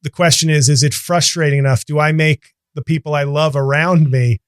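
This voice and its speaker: Man, 40s, comedian host, slightly high voice, self-deprecating, dry close sound. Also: steady tone, a little fast, clear, resonant tone, no room sound. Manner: self-deprecating, laughing easily. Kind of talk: casual chat.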